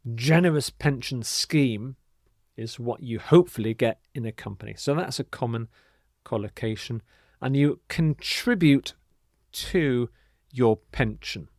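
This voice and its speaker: A man teaching English vocabulary, speaking clearly and deliberately and modelling the pronunciation and stress of each word. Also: mid-range voice, no echo, clean studio sound. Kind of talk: scripted vocabulary lesson.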